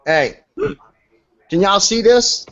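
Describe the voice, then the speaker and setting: A man's voice: high voice, lively intonation, slow, fairly bright tone. A man hosting a casual livestream, hurriedly digging through old comments to show others, over lo-fi audio.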